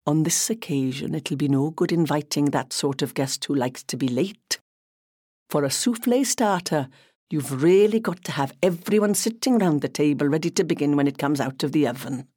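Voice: medium pitch, moderate pace, a little mellow, breathy edge, no room sound, clean studio sound, lightly acted. A narrator voicing a cheery male Welsh TV chef from North Wales, full of beaming showman patter, in an audiobook. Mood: confiding.

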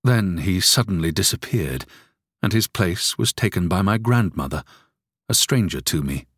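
A man narrating an audiobook story in an expressive storytelling reading. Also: low voice, moderate pace, no echo, studio quality.

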